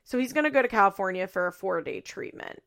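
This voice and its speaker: Woman podcaster, conversational and judgmental, lively quoting, dry booth sound. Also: mid-range voice, fast talker, no echo. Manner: chatty, laughing, animated quoting. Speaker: reality TV recapper. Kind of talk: casual opinionated recap.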